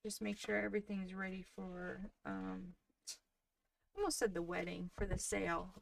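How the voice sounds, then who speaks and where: A woman in her thirties talks gently to her viewers while crafting, her voice carrying a light gravelly fry at a medium pitch. A faint hiss and the odd click sit under her words. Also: moderate pace. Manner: soft-spoken, chatty, talks to viewers in the chat. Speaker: craft livestream host. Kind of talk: casual livestream chat while crafting.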